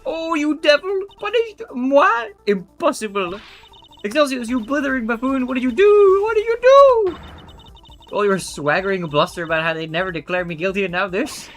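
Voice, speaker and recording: A man doing a shrill, haughty woman warden. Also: lively intonation, normal speed, hardly any pauses, a bit bright, soft background music. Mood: furious. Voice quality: shrill, theatrical outrage.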